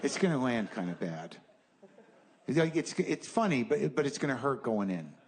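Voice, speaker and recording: A middle-aged man doing stand-up, sardonic and profane, dropping low and then bursting into mock shouting. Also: sing-song, normal speed. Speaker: stand-up comedian. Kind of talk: stand-up storytelling. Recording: noisy live club recording with audience. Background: audience laughter.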